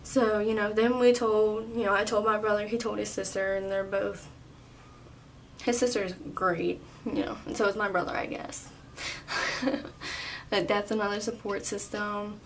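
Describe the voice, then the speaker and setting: A young woman vlogger telling a personal story in a casual, chatty way, full of "like" and quick laughs. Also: mid-range voice, little pitch movement. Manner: chatty, lots of "like", laughs often. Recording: slightly distant, faint room noise.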